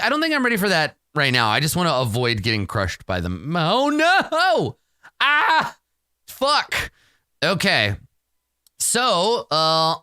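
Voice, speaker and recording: A man plays a solo tabletop roleplaying game and talks his choices through aloud. His voice is fairly high and bright, and it swings widely in pitch. He swears freely, and the recording is dry and close. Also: no echo. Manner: rambling, swears freely, excitable reactions to dice.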